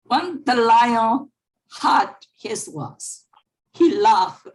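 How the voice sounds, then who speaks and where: Brief: female teacher, online class, patient storytelling, repeats every line, very slow pace. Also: a little high, expressive. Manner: slow, repeats each sentence and explains words. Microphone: online class microphone.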